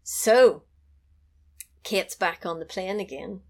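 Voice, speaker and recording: Woman gabbing about a film, lively storyteller, cusses, laughs a lot. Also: on the low side, slow. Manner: animated storyteller who swears and laughs easily. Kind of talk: casual chat, retelling a film.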